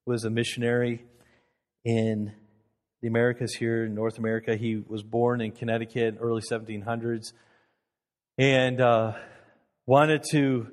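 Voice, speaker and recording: Male pastor, mid-pitched, earnest sermon storytelling that builds, long hall reverb. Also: level tone, normal speed, pauses often.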